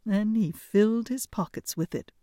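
A woman reading a fairy tale aloud in an expressive storytelling manner. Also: mid-range voice, dry recording, studio quality. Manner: expressive, unhurried.

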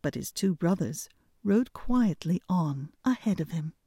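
A woman reading a fairy tale aloud in an expressive storytelling manner. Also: lowish voice, husky, dry recording, studio quality. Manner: expressive, unhurried.

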